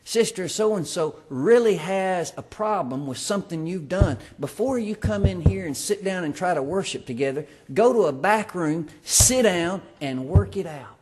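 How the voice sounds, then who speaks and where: High-voiced man preaching a sermon. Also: animated, darkish tone. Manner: emphatic, slows down on key words. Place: church sanctuary.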